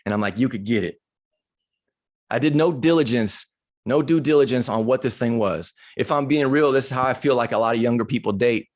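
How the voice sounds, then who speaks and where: This motivational speaker has a brisk, mid-range voice, captured in studio quality without echo. He tells personal stories in a relaxed, frank, humorous manner, speaking conversationally and performing the dialogue as he goes.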